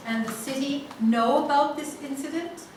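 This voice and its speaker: A woman leading a family constellation seminar, telling a case story slowly with many restarts. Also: high voice, a little hiss or hum. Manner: slow, halting storytelling with restarts. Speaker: seminar facilitator. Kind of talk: guiding a family constellation exercise. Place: seminar room. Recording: echoey room, far from mic.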